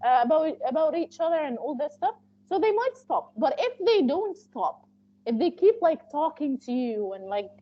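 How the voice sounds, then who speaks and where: A woman instructor teaching a live online class on medical interpreting, explaining step by step with frequent fillers and restarts. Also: sits high. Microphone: video call. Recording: muffled lo-fi call audio.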